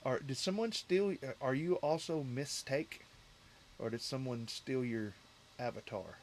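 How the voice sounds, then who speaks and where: A man's voice: mid-range voice, a little slow, slight background noise. A man hosting a casual livestream, rambling and talking straight to his chat viewers from a home setup. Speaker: livestream host.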